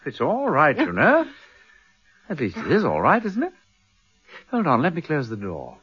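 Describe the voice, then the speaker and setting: An actor playing a flamboyant, teasing gentleman detective in a radio drama, with a husky edge. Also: on the high side, wildly swooping pitch, moderate pace, a little hiss or hum. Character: witty aristocratic gentleman detective, playful. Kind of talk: 1970s radio drama acting. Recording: dull lo-fi radio recording.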